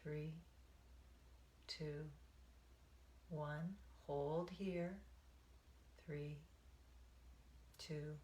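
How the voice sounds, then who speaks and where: Slow, low-voiced woman guiding meditation. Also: a little hiss or hum. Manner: calm, soothing, unhurried with soft breathy passages. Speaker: meditation teacher. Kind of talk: guided meditation. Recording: echoey room.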